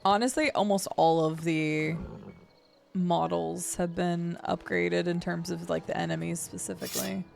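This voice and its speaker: A woman's voice: fairly low pitch, fairly even intonation, a little slow, vocal fry. A woman streamer giving casual, playful commentary while she plays a video game, chatting to viewers and humming sing-song filler noises. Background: game music.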